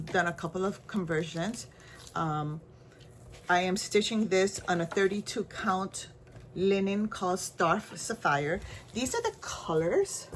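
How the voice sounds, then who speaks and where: A woman with a Caribbean accent and a slightly low voice, talking in a loose, rambling show-and-tell way. She circles back and restarts her sentences often. A faint hiss sits under her voice. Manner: chatty and rambling, with frequent restarts and asides. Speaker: stitching vlogger. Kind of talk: casual show-and-tell chat.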